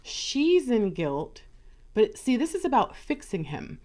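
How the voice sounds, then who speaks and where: A woman's voice: a little high, very animated, slow pace, mellow. A woman giving a casual tarot card reading, chatty, often acting out little conversations in other voices. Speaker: tarot reader.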